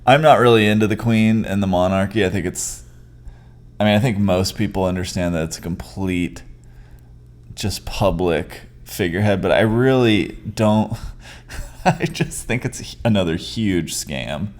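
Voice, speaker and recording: A man's voice: sits low, a little slow, darkish tone. A man co-hosting a casual podcast from a house-sit, joking and giving blunt opinions with frequent restarts. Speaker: podcast co-host.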